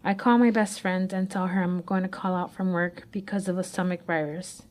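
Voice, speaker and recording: A woman's voice: fairly low pitch, fairly even intonation, moderate pace, darkish tone. A woman, a writing student, reads her own first-person memoir in a raw, anxious, confessional way.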